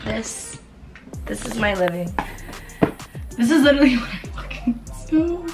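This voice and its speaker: Animated, cursing woman telling a story. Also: a little high, a little slow. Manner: animated and profane, with emphatic repetition. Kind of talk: casual storytime rant. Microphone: camera mic. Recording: roomy echo, faint music behind.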